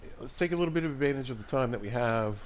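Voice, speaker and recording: A man with a Southern US accent, talking through a survival game for his viewers with jokey, chatty asides. His pitch swings up and down as he reacts. A faint hiss of noise sits under the voice. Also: lively intonation, very fast. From Alabama. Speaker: game streamer. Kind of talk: casual gameplay commentary.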